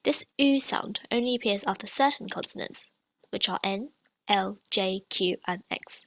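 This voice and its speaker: A woman teaching pronunciation, explaining sounds clearly and repeating each example slowly. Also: medium pitch, bright, forceful tone. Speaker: language teacher.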